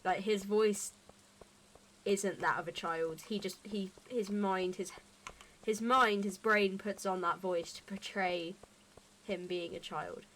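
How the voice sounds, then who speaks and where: A woman's voice: medium pitch, fairly even intonation, slow, fairly bright tone, a little hiss or hum. A young adult woman streaming a game and chatting casually, rambling and often restarting her sentences. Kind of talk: casual chat while gaming.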